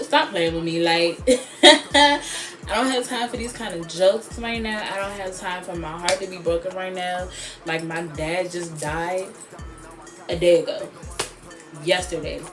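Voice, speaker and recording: A woman vlogger talking straight to camera in an animated, sassy storytelling voice. She jumps between dramatic highs and muttered asides, and faint music plays under her. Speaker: beauty vlogger. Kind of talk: storytime vlog.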